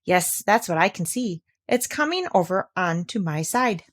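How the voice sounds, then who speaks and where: A woman voicing a small, timid male piglet in a storybook, squeaky and nervous. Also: animated, normal speed.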